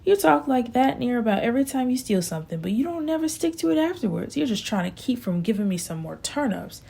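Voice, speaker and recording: A woman voicing a rough young rural man who talks bluntly and makes accusing demands. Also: a little high, big pitch swings, quick pace, warm tone, voice pushed up, full character voice.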